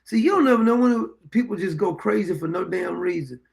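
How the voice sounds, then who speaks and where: A man's voice: high voice, brisk, vocal fry, darkish tone. A man hosting a commentary show, reacting to news clips in a blunt, mocking way.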